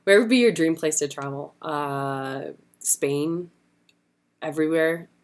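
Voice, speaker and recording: Young woman, livestream host, chatty, easygoing, somewhat low voice. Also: slow pace. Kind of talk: casual livestream Q&A.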